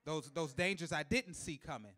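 A man preaching a live sermon in a church, repeating key lines for emphasis and building to loud, emphatic shouts, with chuckles between points. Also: a little high, lively intonation, moderate pace. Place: church sanctuary.

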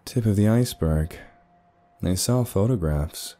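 A young American woman speaks in a sweet, reassuring voice, put on by a male narrator. She stays firm and composed, her tone lifted high and bright. Faint music hums behind her. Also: expressive, unhurried.

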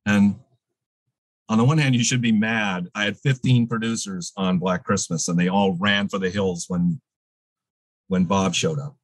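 A man's voice: on the low side, fairly even intonation, normal speed, no room sound, low-quality recording. A man guest in a casual interview, telling rambling stories full of fillers and restarts.

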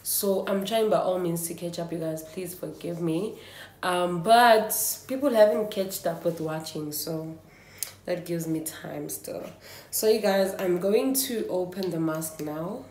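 Slow-talking young woman from South Africa. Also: fairly low pitch, a little mellow. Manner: chatty, nervous, thinks aloud. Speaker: beauty vlogger. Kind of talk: casual vlog chat to camera. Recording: echoey room.

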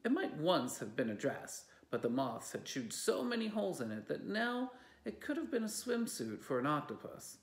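A library reader narrating a children's novel aloud with expressive, animated delivery. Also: medium pitch, moderate pace, hardly any pauses. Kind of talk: storybook reading aloud. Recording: roomy echo.

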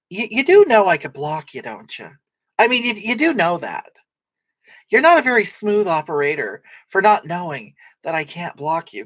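A woman's voice: on the low side, no room sound. A woman playing a brash sarcastic livestreamer. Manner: sarcastic, rambling, reads comments aloud and snaps back. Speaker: livestream comedy character. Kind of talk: improvised comedic livestream chat.

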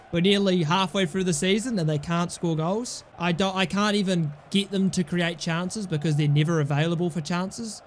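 A man's voice: high voice, fairly even intonation, normal speed, slight background noise. A young man giving casual commentary over his own gameplay, exasperated and sarcastic, swearing often. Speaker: gaming channel host.

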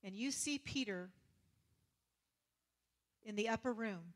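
A woman preacher, giving a lively sermon full of laughter, casual slang and sarcastic humor. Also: mid-range voice, slow pace.

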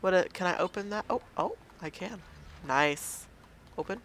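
A woman's voice: lowish voice, expressive, normal speed, a bit bright, slight background noise. A woman playing a horror game and commenting casually, nervous and self-mocking, talking to the game. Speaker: let's play gamer.

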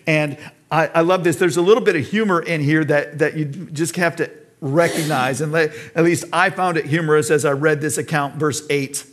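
A pastor with an American accent preaches an earnest sermon to his church, now and then acting out the voices of characters in his story. His slightly high, fairly bright voice keeps a fairly even intonation at normal speed.

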